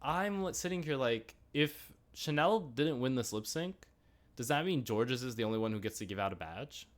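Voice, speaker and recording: A man's voice: mid-range voice, animated, moderate pace. A man co-hosting a casual review chat, talking in a rambling, chatty way full of asides. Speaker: podcast co-host.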